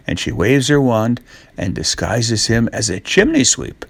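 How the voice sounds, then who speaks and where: An older man reading a children's story aloud in a gentle, even storytelling manner. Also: mid-range voice, measured pace, vocal fry, no echo.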